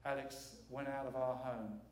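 A man's voice: mid-range voice, fairly even intonation, moderate pace. Earnest middle-aged man preaching in echoey hall. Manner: earnest, emphatic, repeats words for weight. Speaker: guest preacher. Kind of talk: sermon. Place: church sanctuary.

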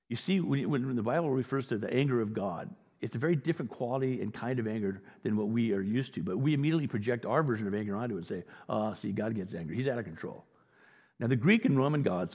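A man's voice: medium pitch, a little mellow. A male pastor giving a sermon, telling stories in a conversational way and rising to emphatic points. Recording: reverberant hall.

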